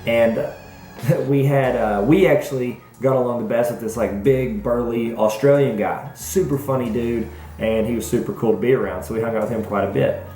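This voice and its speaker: Young man, vlog host, chatty and goofy, self-mocking, medium pitch, echoey room. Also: fairly even intonation, moderate pace, mellow, soft background music. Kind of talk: casual vlog chat. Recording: roomy echoey recording.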